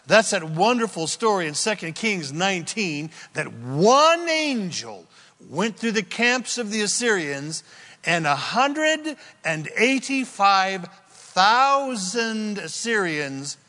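A man preaches verse by verse in a folksy, animated way, weaving in stories. His voice sits a little high and sounds bright and forceful. A long reverb from a large hall trails his words. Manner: folksy, animated, with storytelling asides. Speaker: pastor. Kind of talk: expository sermon. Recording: echoey hall.

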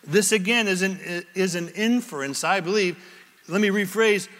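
High, bright-voiced preacher in a hall. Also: male voice, normal speed. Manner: asks the congregation rhetorical questions; animated, dramatic delivery. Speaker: pastor. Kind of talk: sermon.

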